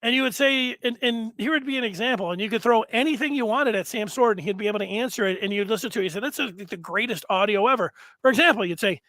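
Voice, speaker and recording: Male sports talk host, high voice, animated storyteller, dry close mic. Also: fast, hardly any pauses, dry recording. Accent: Michigan. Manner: animated storytelling, acts out quotes, frequent fillers. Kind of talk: casual sports talk on video.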